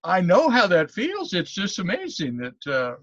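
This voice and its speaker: A man's voice: high-pitched, huge pitch swings, measured pace, no echo. A man hosting an interview over a video call, easygoing and chatty, laughing along. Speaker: host. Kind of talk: casual interview conversation. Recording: dull dry video-call audio.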